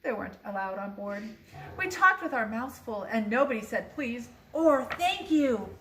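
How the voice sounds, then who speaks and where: An older woman, a grandmother, reading a children's picture book aloud in a lively, expressive way with small slips. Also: on the high side, normal speed, a little hiss or hum. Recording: roomy echo.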